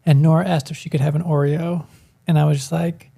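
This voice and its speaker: A man's voice: a little high, level tone, fairly quick, vocal fry, mellow, slightly rough. A man co-hosting a parenting talk show, chatting casually and easily agreeing with his co-host. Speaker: podcast co-host. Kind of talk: casual chat.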